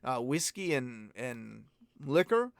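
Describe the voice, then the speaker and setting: A man's voice: mid-range voice, very animated, slow pace, vocal fry, clean tone, no room sound. A man hosting a casual live-stream Q&A, talking bluntly and rambling, with plenty of swearing. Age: adult parent. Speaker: host answering viewer questions.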